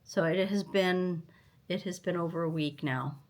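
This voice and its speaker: An older woman chats to her vlog audience from home in a low, unhurried voice. She is tired and still recovering from illness. Her talk rambles casually from one thing to the next. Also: a little mellow. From United States. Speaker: stitching channel host.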